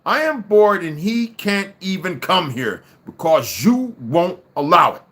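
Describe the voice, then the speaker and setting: A man's voice: very high-pitched, wildly swooping pitch, slow, pitched above the performer's own voice, full character voice. Man putting on Bonnie, a tearful young wife. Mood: bored, complaining. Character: upset pregnant young wife, tearful and restless.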